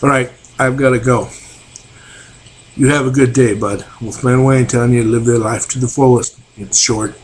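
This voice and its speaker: A man's voice: mid-range voice, steady tone, normal speed, a little hiss or hum. An older man telling old school stories in a folksy, rambling way, chuckling now and then, on a webcam. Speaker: vlogger. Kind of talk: casual storytelling.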